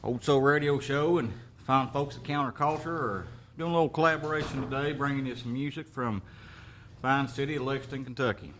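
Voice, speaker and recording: A man's voice: mid-range voice, steady tone, a little fast, a bit bright, slight background noise. A man hosting a radio show, chatting with his guest in a folksy, easygoing way. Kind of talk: casual on-air chat.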